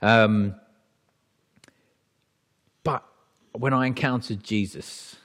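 A man's voice: medium pitch, fairly even intonation, very slow, a bit bright. A man preaching a sermon in a conversational way, often restarting his sentences.

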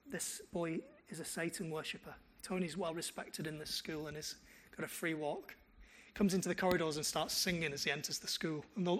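A male pastor, preaching a sermon and telling stories with quoted dialogue. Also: fairly high pitch. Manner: animated storytelling with quoted dialogue.

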